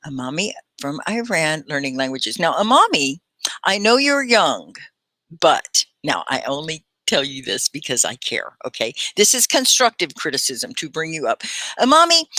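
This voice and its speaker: A woman's voice: low voice, sharp tone, no echo. A woman from Texas with a Texan accent, teaching a live online English lesson in an encouraging, instructive way. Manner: encouraging, instructive, slow for learners. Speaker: ESL teacher.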